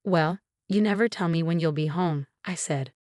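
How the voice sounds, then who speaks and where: A woman reads a dramatic family story aloud in a measured, scripted manner. Her voice sits somewhat low, and the recording is dry with no room sound. Every part is delivered in the same steady narrating tone. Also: dry recording.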